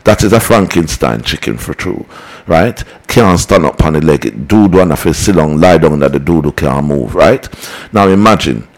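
A man hosting a broadcast, reading listener comments and rambling in a preachy, animated way. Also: a bass voice, normal speed, low-quality recording. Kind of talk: casual broadcast talk.

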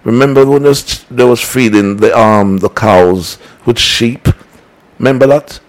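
A man hosting a broadcast, reading listener comments and rambling in a preachy, animated way. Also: mid-range voice, measured pace, rough recording. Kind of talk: casual broadcast talk.

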